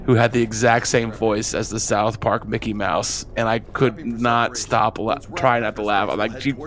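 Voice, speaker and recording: A man's voice: lowish voice, level tone, normal speed, fairly bright tone. A man co-hosting a podcast, ribbing his friends with joking banter in casual chat. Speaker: podcast co-host.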